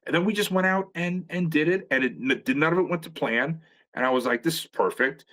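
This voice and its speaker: A man's voice: on the high side, fairly quick, bright, forceful tone. A middle-aged man, a veteran pro wrestler, telling stories in a casual chat with a profane, rambling, sarcastic manner. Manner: profane, rambling storyteller with frequent restarts; sarcastic humor.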